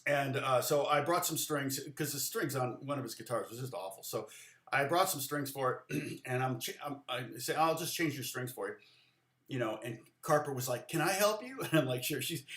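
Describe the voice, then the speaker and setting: A man's voice: on the high side, normal speed, fairly bright tone, echoey room. A middle-aged man giving a casual live guitar lesson, rambling and chatty, with many restarts and side stories. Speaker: guitar teacher.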